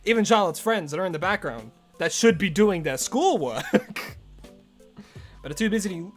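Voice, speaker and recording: A male streamer chatting casually on a live stream, rambling and loose, full of "like" and restarts, with soft game music behind him. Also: high voice, big pitch swings, moderate pace.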